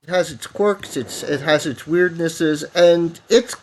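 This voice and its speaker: A man's voice: a little high, a little slow, darkish tone. A man casually talking while programming on a livestream, rambling and correcting himself as he gives advice, sounding a bit tired. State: tired, yawning. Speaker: livestreaming game developer.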